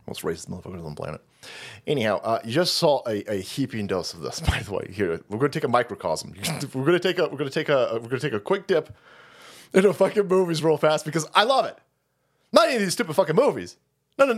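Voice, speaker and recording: Male streamer host, profane mocking ranter with a lively, high voice. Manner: foul-mouthed, mocking, heated ranting. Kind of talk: profane political rant on a livestream.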